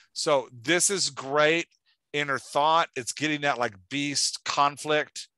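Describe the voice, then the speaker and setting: A man's voice: on the high side, fairly even intonation, takes it slowly, pushed and bright, clear, resonant tone, dry recording. A man hosting a podcast and giving writing feedback in an enthusiastic, chatty way, with lots of "like". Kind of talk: casual chat.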